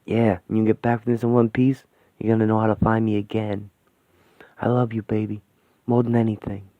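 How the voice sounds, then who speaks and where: A man voicing a gruff, slangy ghost father in a radio play. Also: little pitch movement, a little fast, no room sound, natural voice. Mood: tender. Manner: rough slangy talk, lowered gruff voice. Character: ghostly street-tough father, gruff and tender. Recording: thin phone-like, dry sound.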